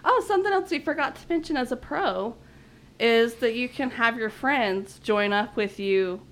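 A woman's voice: a little high, normal speed. A woman co-hosting a gaming podcast, chatty and bubbly, laughing often. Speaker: podcast co-host. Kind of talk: casual chat.

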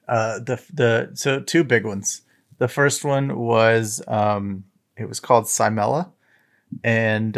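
A man with a gravelly, fry-edged voice sitting a little low, talking as a podcast guest. He reminisces casually and wanders through his stories, with plenty of "uh" and "like" along the way. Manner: rambling, filler-heavy storytelling. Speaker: podcast guest, tech site founder.

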